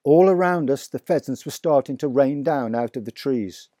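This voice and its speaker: A man narrating a children's story aloud in a vivid, expressive reading. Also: mid-range voice, dry recording, clean studio sound. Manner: slow, deliberate, vivid storytelling. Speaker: audiobook narrator.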